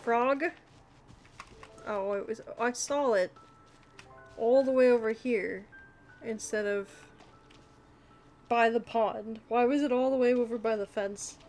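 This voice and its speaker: Woman, live streamer, casual gameplay chatter, slow-paced, slightly high pitch, talks to herself. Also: darkish tone, faint music behind.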